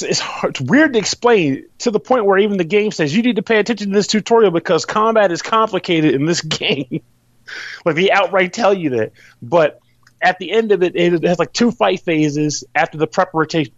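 A man's voice: fairly high pitch, no echo, dull audio. A man casually explaining how a game works, rambling, restarting, and swearing now and then. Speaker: podcast host reviewing a game.

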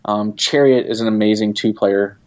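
A man's voice: lowish voice, fairly even intonation, normal speed. A man answering interview questions in a casual way, hesitant and full of fillers and restarts. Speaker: guest from a game company. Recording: dull lo-fi sound.

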